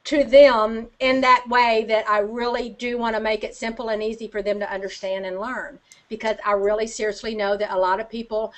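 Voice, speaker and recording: A woman's voice: on the high side, fairly even intonation, a little fast. An older woman chatting as a guest on a video call, chatty and self-deprecating, laughing often. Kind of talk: casual video-call chat.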